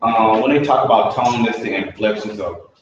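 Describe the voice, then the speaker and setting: A man's voice: fairly low pitch, moderate pace, slight background noise. A man leading a staff training session, explaining in a conversational, anecdotal way. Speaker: workshop trainer. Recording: echoey room from a far mic, dull sound.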